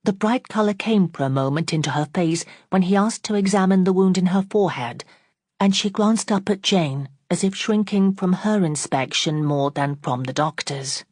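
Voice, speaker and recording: A woman narrating a classic novel as an audiobook in a steady, even reading style. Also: fairly low pitch, moderate pace, no room sound, clean studio sound. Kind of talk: scripted narration.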